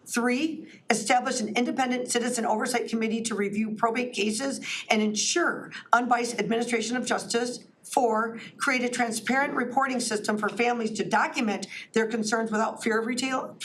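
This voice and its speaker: A woman's voice: a little high, recorded from a distance, slight background noise, low-quality recording. Impassioned woman pleading at a meeting. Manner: impassioned, pleading, rambling with restarts. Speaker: public commenter. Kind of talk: public comment at a county board meeting. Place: county board meeting room.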